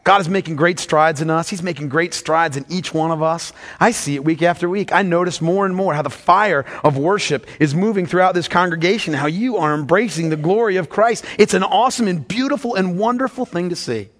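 A man's voice: high-pitched, fairly bright tone. Impassioned male pastor preaching in a church hall. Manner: impassioned preaching, reading slowly and deliberately. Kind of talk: sermon.

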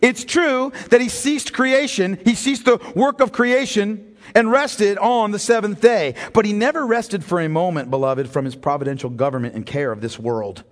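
Male pastor, high and lively voice, animated sermon delivery, long reverb of a church hall. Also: normal speed. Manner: animated storytelling preacher, shifts from jokes to solemn emphasis.

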